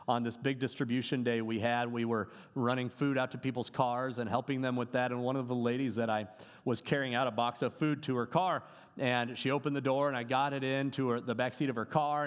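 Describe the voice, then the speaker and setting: A male pastor, preaching an earnest sermon that moves from storytelling into rising exclamations in a church. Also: medium pitch. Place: church sanctuary. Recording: long hall reverb.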